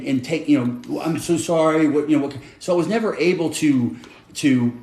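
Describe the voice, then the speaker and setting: A man's voice: medium pitch, a little mellow. Guy hosting a live chat, reads comments, says um a lot, echoey sound. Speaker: host. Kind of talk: casual livestream chat.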